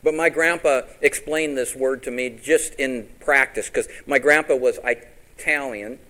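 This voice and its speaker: A middle-aged man preaching a sermon as pastor, lively and throwing rhetorical questions at his congregation. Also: medium pitch, a little slow, low-quality recording.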